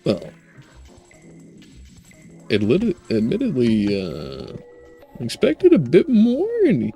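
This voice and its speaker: A man's voice: medium pitch, wildly swooping pitch, slow, creaky, mellow, soft background music. A man giving casual, wry gameplay commentary as host, playfully joking about what he sees. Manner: wry, playful, laughs at the game. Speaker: let's play host.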